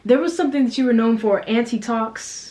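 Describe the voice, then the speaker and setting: A woman's voice: a little high, brisk, dark tone, slight background noise. A young woman hosting a casual interview, bubbly and playful, laughing often. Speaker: host.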